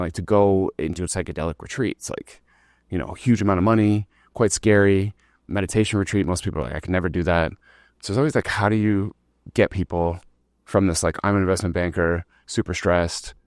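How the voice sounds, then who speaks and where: A man's voice: low voice, dry recording, clean studio sound. A man, telling his startup story as a podcast guest in a rambling, casual way, full of "like" and the odd swear word.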